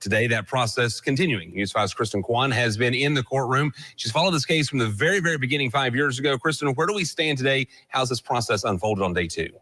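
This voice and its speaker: A man anchoring a TV newscast, reading the story in a measured way before handing off to a reporter. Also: medium pitch, pushed and bright. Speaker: TV news anchor. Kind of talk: news anchoring.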